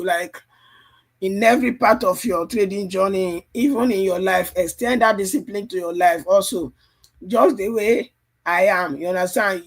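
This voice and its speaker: A man coaching a live trading stream, his voice strained and tired, repeating phrases and constantly checking "you understand?". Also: high voice. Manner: repetitive, keeps asking "you understand?". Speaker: trading livestream host. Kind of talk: live chart analysis and coaching.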